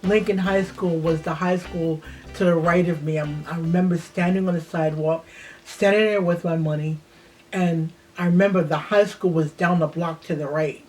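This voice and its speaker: A woman in her sixties slowly telling a personal childhood memory in a reflective way, sometimes dropping to a near-whisper. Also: lowish voice, fairly even intonation, darkish tone, soft background music. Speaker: host. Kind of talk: personal storytelling.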